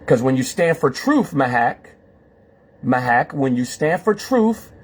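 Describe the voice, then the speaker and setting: A man's voice: mid-range voice, big pitch swings, a little slow, husky. A man hosting a live stream, pressing his guests with repetitive, preachy questions. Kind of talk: confrontational live call-in chat.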